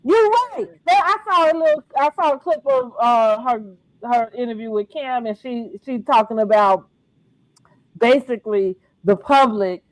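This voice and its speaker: High-voiced lively woman podcast host. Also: moderate pace, no echo, poor audio. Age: middle-aged. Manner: animated, slangy, laughs often. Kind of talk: casual reality-TV recap chat.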